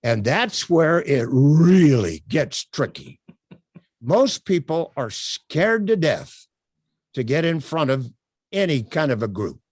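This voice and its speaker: A man's voice: on the high side, takes it slowly, no echo, clean studio sound. A man leading an online workshop as its instructor, talking emphatically with many "uh" fillers. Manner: animated, emphatic, with frequent uh fillers. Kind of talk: live online workshop teaching.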